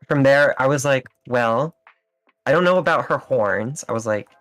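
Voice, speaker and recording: A man as an interview guest, telling stories in a relaxed, rambling way with fillers and small laughs. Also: mid-range voice, slow, no echo, faint music behind. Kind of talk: casual interview chat.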